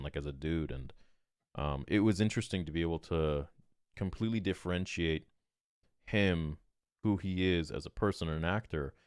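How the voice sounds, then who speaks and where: A man's voice: low-pitched, clean tone, no room sound, clean studio sound. A man, a podcast guest, telling a story in casual talk and acting out quoted exchanges with animation. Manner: animated, quotes himself and others in quick exchanges.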